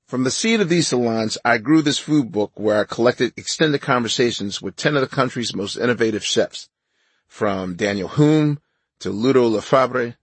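A man narrating his own nonfiction audiobook in a measured, reflective way. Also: mid-range voice, expressive, breathy edge, no echo.

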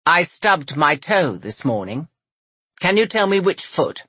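A jovial, teasing male general, as a woman reader voices him. He talks slowly and easily, with a breathy tone. The audiobook recording is close and dry. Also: low-pitched, big pitch swings, fairly bright tone, no echo, full character voice. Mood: earnest. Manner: teasing, easygoing. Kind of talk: audiobook character voice.

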